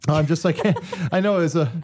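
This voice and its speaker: A man's voice: fairly high pitch, normal speed, darkish tone. A man co-hosting a comedy podcast, telling an easygoing story in casual chat. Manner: easygoing, laughs a lot.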